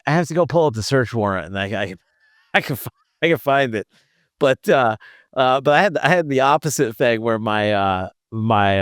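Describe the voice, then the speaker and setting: A man hosts a podcast chat, stumbling and restarting as he recalls a story. His voice is smooth and somewhat low, and the recording is dry and close. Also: no echo. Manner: halting, full of fillers and restarts. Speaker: podcast host. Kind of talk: casual chat.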